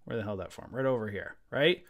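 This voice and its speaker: A man's voice: fairly low pitch, lively intonation, fast talker. A man hosting a live trading lesson over a screen share, blunt and fired up, talking casually with mild swearing at a desk mic. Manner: fired-up, ranting, emphatic. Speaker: trading room host.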